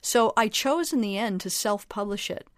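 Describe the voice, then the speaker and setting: A woman guest and author talking in a casual conversation, energetic and emphatic. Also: medium pitch, normal speed, no room sound, clean studio sound. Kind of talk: casual chat.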